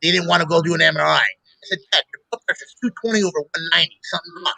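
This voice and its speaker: Male host, casual storytelling, gravelly, very dry close sound. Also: sits high, rapid-fire, few pauses, no echo, poor audio. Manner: storytelling, animated and laughing. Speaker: show host. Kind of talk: casual chat.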